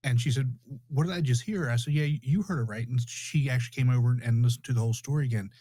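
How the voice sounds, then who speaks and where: Mellow reflective male podcast host. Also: mid-range voice, slightly rough, no room sound. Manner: reflective, halting, many restarts. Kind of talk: conversational interview.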